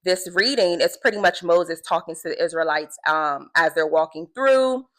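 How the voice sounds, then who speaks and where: A woman talking to camera in a casual faith vlog, earnest and animated, repeating words for emphasis. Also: lowish voice, moderate pace, low-quality recording. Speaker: vlogger keeping a video journal.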